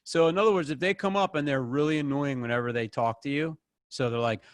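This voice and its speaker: A man's voice: medium pitch, quick pace, no room sound, studio quality. A man leading a group session over a video call, talking in a casual, rambling, encouraging way.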